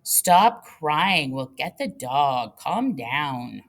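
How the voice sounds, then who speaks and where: A woman's voice: on the low side, very animated, unhurried, vocal fry, full character voice. A woman voicing a firm, impatient mother. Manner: firm and no-nonsense.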